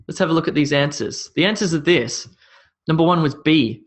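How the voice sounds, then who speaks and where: A man's voice: on the high side, fairly quick, a bit bright. A man teaching English pronunciation, repeating words with shifting stress and laughing off his own slips. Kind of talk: spoken English lesson.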